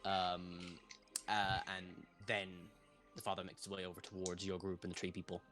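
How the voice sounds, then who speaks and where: A man runs a tabletop game, narrating scenes in a loose, easygoing way full of small hedges. His voice sits a little low, with faint music playing behind him. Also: completely flat delivery, moderate pace, fairly bright tone. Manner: loose, hedging narration with fillers like "kinda". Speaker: game master.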